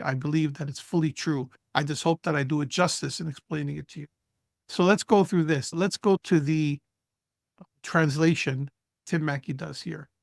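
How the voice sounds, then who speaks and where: Dry, slightly high male Bible teacher. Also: dry recording. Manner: explanatory, checks in with frequent "right?" and "okay?". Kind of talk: screen-shared Bible study lecture.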